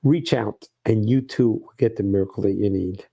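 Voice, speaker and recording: A man's voice: fairly low pitch, moderate pace, creaky, warm tone, breathy edge, muffled recording. A middle-aged man preaching as a rabbi, earnest and emphatic, repeating his phrases. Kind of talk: sermon.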